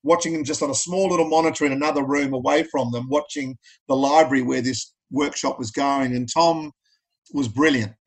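A man's voice: mid-range voice, steady tone, a little fast, rough recording. A middle-aged Australian man speaking as a podcast guest, telling personal stories in an earnest, plain-spoken way. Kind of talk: candid interview talk.

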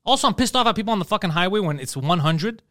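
A man co-hosting a casual podcast, telling animated, profane stories and acting out his own angry outbursts. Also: sits high, very fast, dry recording, clean studio sound. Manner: animated storytelling, heavy swearing, acts out his own outbursts. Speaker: podcast co-host.

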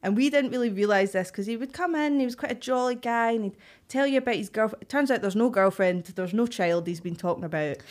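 A woman's voice: on the high side, quick pace. A woman from Glasgow with a Glaswegian Scottish accent, a podcast guest chatting casually and acting out the people in her stories. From Glasgow, Scotland. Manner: animated storytelling, acts out quoted voices. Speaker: podcast guest, actor and writer. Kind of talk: casual chat.

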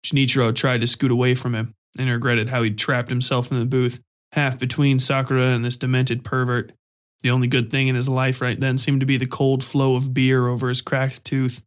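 A man reading a story aloud in a steady, even narration. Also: mid-range voice, fairly quick.

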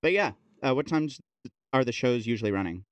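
A man's voice: mid-range voice, animated, brisk, smooth, no echo. A man hosting a casual podcast chat, joking around and laughing easily with his guests. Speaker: podcast host.

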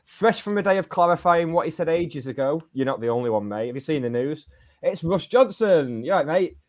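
A man's voice: on the high side, expressive, a little fast. A man co-hosting a casual fan podcast, wry and joking. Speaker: co-host.

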